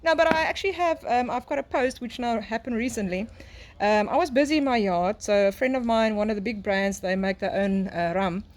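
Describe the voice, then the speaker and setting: A woman's voice: fairly high pitch, fairly quick. A middle-aged South African woman with an Afrikaans accent, a guest telling stories in a casual chat and laughing often. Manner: chatty storyteller, laughing often. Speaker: guest, braai and smoking teacher. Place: outdoor garden.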